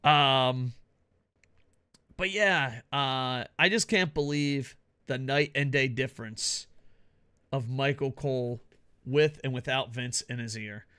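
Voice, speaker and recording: A man co-hosting a wrestling podcast in casual chat, animated and jokey, laughing often. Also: medium pitch, slow, smooth. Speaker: podcast co-host.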